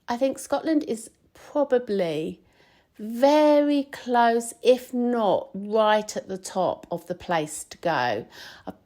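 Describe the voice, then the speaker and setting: A woman hosts her podcast on the road while travelling, chatting casually and rambling with many fillers and restarts. Her voice is on the high side, animated and dark in tone, with a slow pace.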